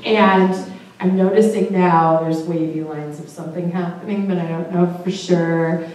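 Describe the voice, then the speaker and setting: A woman's voice: lowish voice, steady tone, moderate pace, darkish tone. A woman telling a personal story to a live audience in a casual, chatty way, laughing often and swearing now and then. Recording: very echoey room, voice far from mic.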